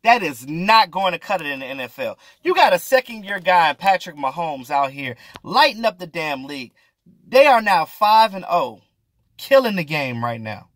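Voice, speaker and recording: Animated ranting sports vlogger, dry sound. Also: mid-range voice, normal speed, dry recording. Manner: exasperated, emphatic, repeats points; casual, swearing slang.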